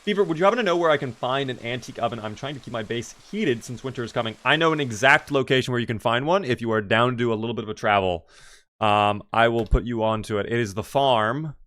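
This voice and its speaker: A man's voice: medium pitch, quick pace. A young man chatting casually while live-streaming a survival game, reading out chat and breaking into exasperated outbursts. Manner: animated, exasperated outbursts at his character.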